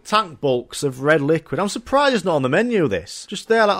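A young man with a lively, bouncing delivery and a slightly raised pitch. He riffs in a loose, sweary comic ramble as a podcast host. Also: normal speed. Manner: rambling, jokey, sweary, animated. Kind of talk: casual comedic monologue.

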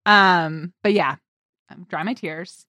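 A woman co-hosting a podcast in casual chat, lively and quick to laugh. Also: fairly low pitch, no room sound. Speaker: podcast co-host.

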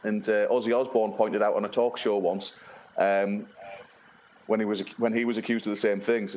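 A rather low-voiced man talks loosely as an interview guest, full of "uh"s and restarts. The sound is muffled video call audio with faint hiss behind it. He wanders through his points in an easygoing way. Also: flat delivery, normal speed, a little mellow. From Northeast England. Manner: rambling, many fillers and restarts. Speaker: blues-rock musician guest. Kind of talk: casual interview chat.

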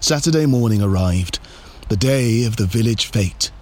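A man reading a children's story aloud, slow and expressive, drawing out repeated words. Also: on the low side.

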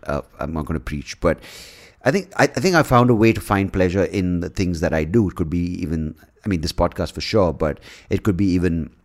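A man hosting his own podcast in a rambling, casual monologue, swearing freely and restarting his sentences often. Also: low-pitched. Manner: rambling, profane, animated, many restarts. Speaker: podcast host.

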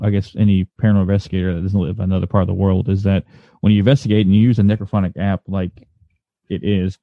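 A man hosting a casual interview, a paranormal investigator himself, speaking in a halting way with restarts and fillers. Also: low-pitched, no room sound. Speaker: podcast host and paranormal investigator. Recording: dull, dry lo-fi sound.

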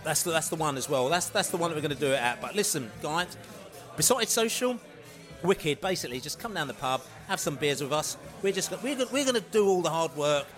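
A man's voice: fairly high pitch, animated, brisk, fairly bright tone, soft background music. A man hosting a podcast, eagerly plugging a fan night out. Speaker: podcast host. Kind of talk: promotional chat.

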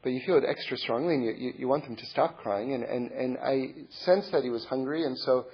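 A middle-aged man sharing a personal story as a religious lesson, earnest and reflective, halting with many repeated words and restarts. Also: medium pitch, slightly rough, dull audio.

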